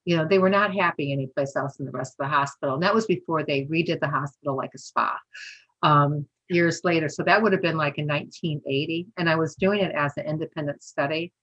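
Husky low-voiced woman telling stories. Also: quick pace, a bit bright, muffled recording. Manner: chatty, peppered with "you know" and laughter, acts out dialogue. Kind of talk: casual storytelling.

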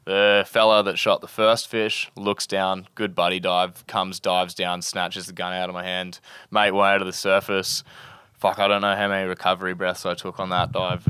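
A man's voice: deep voice, pushed and bright, clear, resonant tone, dry recording, studio quality. A young Australian man telling a spearfishing story as a podcast guest in a laid-back, slangy way, swearing freely. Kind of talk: casual storytelling.

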